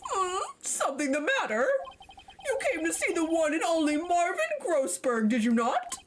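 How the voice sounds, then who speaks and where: A woman's voice: very high-pitched, sing-song, moderate pace, heavy background noise, pitched above the performer's own voice. A woman voicing a pompous, blustering older male lawyer in a grand, self-important tone, with game music behind.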